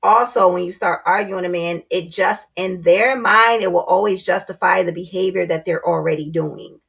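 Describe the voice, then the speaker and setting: A woman's voice: lowish voice, moderate pace, creaky, fairly bright tone, slightly rough. A woman vlogger giving blunt, candid relationship advice in a casual talk to camera, speaking straight to her viewers.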